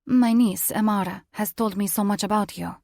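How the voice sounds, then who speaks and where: A woman narrator voicing a warm, probing werewolf mother with a Romanian accent. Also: medium pitch, fairly even intonation, normal speed, gravelly, no room sound, clean studio sound, natural voice.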